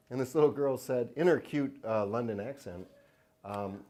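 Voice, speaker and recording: A man's voice: medium pitch, brisk, darkish tone. Guy author doing a funny talk in a lecture hall, jokey and self-mocking, laughs a lot. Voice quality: joking, self-mocking, laughs often between lines. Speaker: children's book author giving a talk. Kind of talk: humorous lecture to an audience. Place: lecture hall at a university event.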